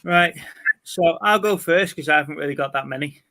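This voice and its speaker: A man's voice: a little high, brisk, creaky, sharp tone. A man hosting a casual chat about things he picked up, rambling and laughing easily. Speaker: host.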